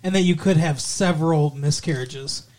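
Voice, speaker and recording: A man's voice: a little high, moderate pace, darkish tone. A man co-hosting a podcast, chatting casually and cracking wry jokes, with casual swearing. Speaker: podcast co-host. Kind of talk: casual chat recapping a TV episode.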